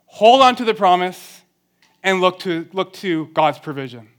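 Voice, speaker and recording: A man's voice: sits high, animated, measured pace, a bit bright, clean tone. A young man giving an earnest, conversational sermon with self-deprecating humor. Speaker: church speaker.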